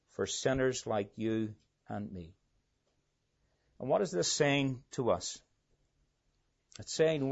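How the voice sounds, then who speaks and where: A man's voice: medium pitch, muffled recording. Earnest preacher man, rising and falling. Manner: earnest, building to emphatic peaks then dropping soft. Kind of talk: sermon.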